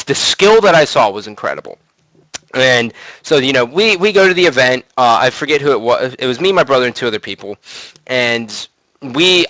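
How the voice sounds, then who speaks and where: A man in his twenties hosts a casual gaming podcast and tells a long, rambling story from memory. His voice is bright and forward. He swears freely and leans on fillers as he talks. The sound is dry and close, with no room around it. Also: medium pitch, no room sound, low-quality recording. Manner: profane, rambling, animated storytelling with many fillers. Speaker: gaming commentator podcast host.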